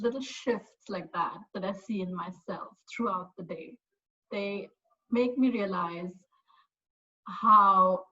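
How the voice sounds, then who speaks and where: A woman's voice: mid-range voice, a bit bright, lo-fi sound. A middle-aged woman, a parent, giving a casual, reflective personal testimonial with many fillers. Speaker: parent and course graduate.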